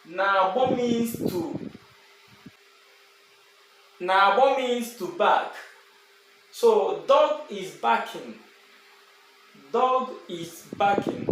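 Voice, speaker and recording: Igbo-native guy teaching words, repeats things slowly, faint noise behind him. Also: sits high. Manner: slow and repetitive, drawing out example words. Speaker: language teacher. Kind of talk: language lesson. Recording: very echoey room with faint background noise.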